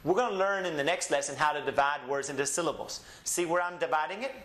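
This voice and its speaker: A man leads a recorded Spanish lesson, drawing out each model word slowly and prompting the listener to repeat after him. His voice sits a little high for a man. The recording carries a noticeable roomy echo. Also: a bit bright. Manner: slow drilled model pronunciations with call-and-repeat prompts. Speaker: Spanish teacher. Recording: echoey room.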